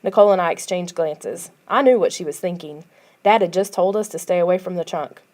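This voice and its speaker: A woman narrating a children's storybook in a quiet, even way. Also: fairly low pitch, brisk. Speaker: audiobook reader.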